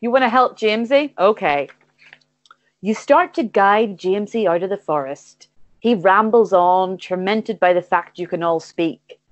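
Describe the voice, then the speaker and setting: A woman narrating an improvised comic adventure with playful deadpan timing. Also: medium pitch, unhurried, no echo, highs cut off. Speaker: comedy guest and game narrator.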